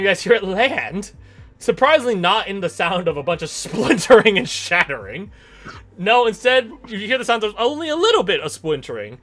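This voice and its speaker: A man running a tabletop game as game master, narrating in a lively, jokey way. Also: fairly high pitch.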